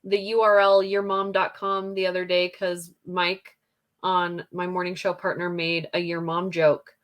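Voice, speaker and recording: Animated American woman telling stories. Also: fairly low pitch, a little slow. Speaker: podcast co-host. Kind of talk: casual chat.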